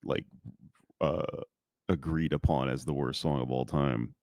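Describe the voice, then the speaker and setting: Deep-voiced wry podcast man. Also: fairly even intonation, unhurried, creaky, no room sound, studio quality. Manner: wry, self-deprecating, swings into loud bursts. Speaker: podcast co-host. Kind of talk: casual chat.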